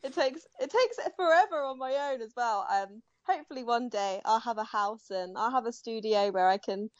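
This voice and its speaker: A woman's voice: a little high, normal speed, dry recording. A young woman, an embroidery artist, chatting as an interview guest, laughing often and talking with plenty of fillers and restarts. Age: young adult. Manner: warm, giggly, many fillers and restarts. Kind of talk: casual interview chat. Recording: dull dry home-mic sound.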